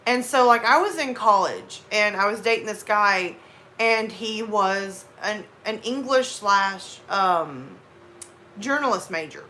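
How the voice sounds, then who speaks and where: A woman's voice: mid-range voice, expressive, takes it slowly, bright, forceful tone, slight background noise. A woman in her thirties with a Southern US accent, casually chatting with her live chat and rambling through asides. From American South. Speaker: livestream host reading chat.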